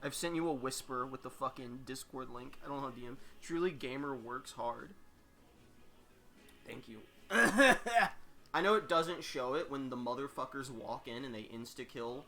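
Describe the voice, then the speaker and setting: A man hosting a fighting-game tournament stream, chatting casually, rambling and swearing with quick laughs. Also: medium pitch, bright, forceful tone. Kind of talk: casual live-stream chat.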